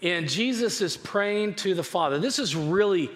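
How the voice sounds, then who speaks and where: A man's voice: high voice, lively intonation, moderate pace, a bit bright. A man from California, a pastor giving a conversational sermon, telling stories and often repeating himself. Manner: chatty, repeats himself, storytelling. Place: church auditorium. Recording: reverberant hall with faint noise.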